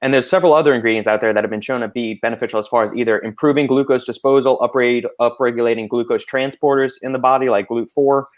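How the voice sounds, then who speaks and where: A man's voice: mid-range voice, fairly even intonation, quick pace, few pauses, dull audio. A man hosting a panel podcast, explaining at length in casual talk full of fillers. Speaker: podcast host.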